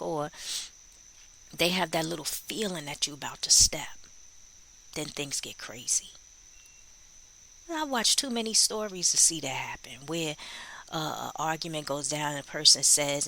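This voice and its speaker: Casual true crime commentator, tense and bright in tone, musing aloud and quoting people. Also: medium pitch, normal speed, creaky, slight background noise, rough recording. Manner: musing, rhetorical, acts out quoted dialogue.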